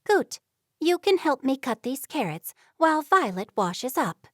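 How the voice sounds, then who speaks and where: A woman's voice: high voice, sing-song, measured pace, no echo, studio quality, voice pushed up. A woman voicing a firm, prying middle-aged Amish mother in a storybook reading. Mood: brisk.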